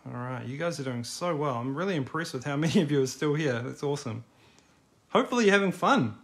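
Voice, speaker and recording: A man's voice: on the high side, lively intonation, fast talker. A middle-aged man teaching a live online drawing class in a casual, encouraging, chatty way. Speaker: art teacher.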